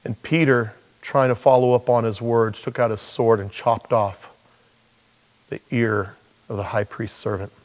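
A man's voice: medium pitch, fairly even intonation, unhurried, long reverb tail. A man preaching a sermon in a humorous, conversational storytelling way, acting out quoted dialogue.

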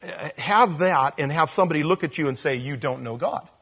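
A man's voice: a little high, a little fast, fairly bright tone, slightly rough. A man preaching a conversational sermon, acting out bits of dialogue as he explains scripture. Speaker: pastor.

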